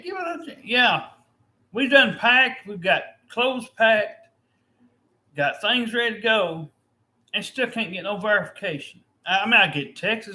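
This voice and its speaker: High-voiced man ranting with heavy swearing. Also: sharp tone. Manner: angry, profane ranting. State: weary and fed up. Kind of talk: casual rant.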